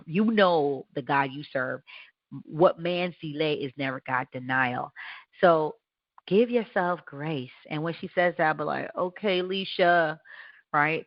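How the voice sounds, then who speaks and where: A woman's voice: sits low, dry recording, lo-fi sound. A woman hosting a radio show, giving an earnest, encouraging faith talk in a conversational way, with restarts.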